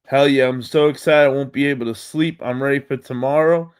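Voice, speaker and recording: A man with a New York accent hosting a casual live stream, excitable and swearing freely as he greets viewers. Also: medium pitch, brisk, clear, resonant tone.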